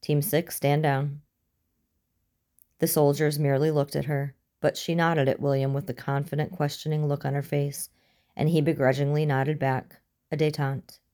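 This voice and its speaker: A woman reading a story aloud as narrator, in a steady, even manner. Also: low voice, normal speed. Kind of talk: audiobook narration.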